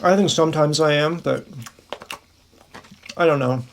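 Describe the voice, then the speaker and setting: A man talks straight into his camera in a long, rambling monologue. He is frank and profane, and laughs often. His voice sits a little high, with faint noise behind it. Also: unhurried, creaky. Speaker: vlogger.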